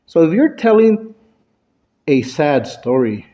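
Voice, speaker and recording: Slow, expressive man giving a speech. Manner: expressive, swings pitch and loudness for effect. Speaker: club speaker. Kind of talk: prepared public speech. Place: club meeting room, indoors. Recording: dull lo-fi recording.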